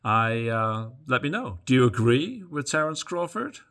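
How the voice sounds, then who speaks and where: A man's voice: medium pitch, big pitch swings, unhurried, fairly bright tone. A man hosting a boxing news channel, giving casual, opinionated commentary to camera with plenty of fillers and asides.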